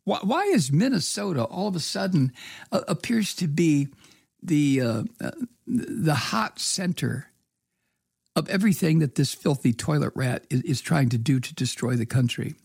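A man with a gravelly, husky voice gives solo political commentary, reading the news and then tearing into it with profane sarcasm. He talks in a halting, indignant way, full of fillers and restarts. The sound is dry and close to the mic. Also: a little high, lively intonation, no echo. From from the US state of Georgia.

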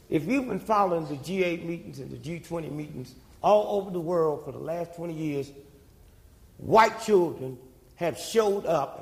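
A man's voice: a little high, vocal fry. An older man, giving a preaching-style public talk full of rhetorical questions and call-and-response. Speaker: speaker at a community talk. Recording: long hall reverb.

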